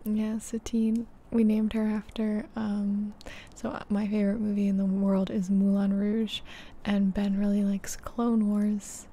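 A young woman hosting an ASMR livestream, chatting in a hushed, half-whispered voice and reading out names from the chat. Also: mid-range voice, completely flat delivery, a little slow, a little hiss or hum.

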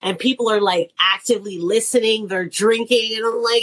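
A woman's voice: fairly high pitch, fairly even intonation, a little fast, hardly any pauses, fairly bright tone. Chatty woman comedian, laughs often. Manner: chatty, laughs often, acts out quoted voices. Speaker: guest comedian and nurse. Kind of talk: casual chat.

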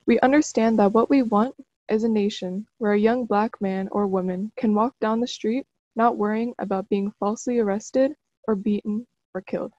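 A woman reads a quotation aloud in an earnest, plain manner, her tone mellow. The sound is dry and dull, lo-fi with no room around it. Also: medium pitch, steady tone, moderate pace, no room sound.

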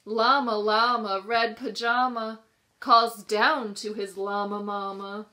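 A woman pre-K teacher reading a picture book aloud to young children, sing-song and expressive, pausing to ask them questions. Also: fairly high pitch. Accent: New York. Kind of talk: children's storybook read-aloud.

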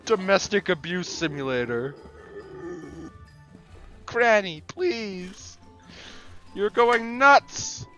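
A man's voice: sits high, lively intonation, very slow, pauses often, bright, forceful tone, faint music behind. A man commentating a game on a live stream, laughing a lot and yelping in disbelief. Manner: laughs often, yelps and exclaims in disbelief. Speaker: gaming streamer.

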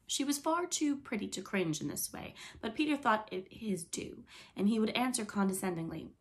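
A woman narrating a classic storybook in an expressive, lively reading manner. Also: medium pitch, normal speed, hardly any pauses, a little hiss or hum. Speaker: audiobook reader.

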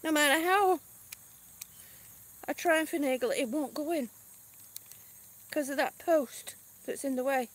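Sitting outdoors on grass, a middle-aged woman with a high voice chats casually in a live-stream vlog, speaking at a measured pace with frequent pauses. She sounds chatty and slightly exasperated, sighing now and then, as crickets chirp and cars pass.

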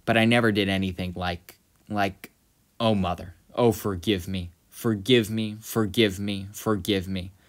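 A man reading aloud the lines of a bitter, drunken aging male vigilante who is breaking down, louder and slower than his own talk, with a lowish voice. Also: steady tone, natural voice. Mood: despairing.

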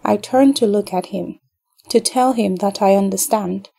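Woman from nigeria reading a horror story, dark mellow voice with some gravel. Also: mid-range voice, unhurried. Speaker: narrator. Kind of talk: scripted story narration.

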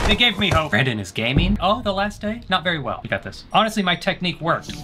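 Lively joking young gaming streamer man. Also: medium pitch, a little fast, hardly any pauses. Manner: joking, teasing, bursts of panicked yelps and laughter. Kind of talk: let's-play commentary. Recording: loud game music behind.

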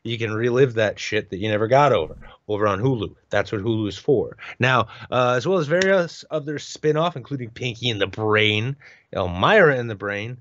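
A sarcastic, foul-mouthed man trading jokes and reading headlines on a podcast. His voice sits at an ordinary pitch. The sound is dry and close, with a dull, lo-fi tone. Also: moderate pace, a bit bright, no echo. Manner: profane, sarcastic, joking. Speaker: co-host. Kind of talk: casual live-stream podcast chat, reading news.

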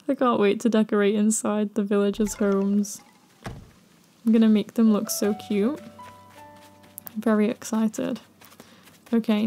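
A young woman giving soft, cheerful commentary over a cosy game. She gushes over small things and drops into quiet whispered asides. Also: a little high, creaky. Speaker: gaming video creator.

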